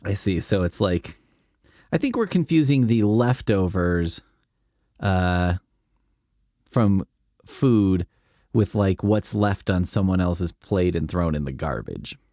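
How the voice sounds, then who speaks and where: A man's voice: low voice, lively intonation, slow, pauses often, dark tone, dry recording, clean studio sound. A man hosting a comedy podcast, reading a script aloud and riffing with rambling, wry asides that trail off. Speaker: podcast host.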